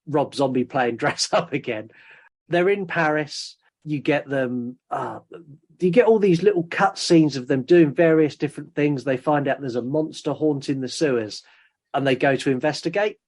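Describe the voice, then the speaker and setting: A man's voice: fairly high pitch, darkish tone. A man hosting a podcast, recapping a film plot in casual chat and laughing often. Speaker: podcast host.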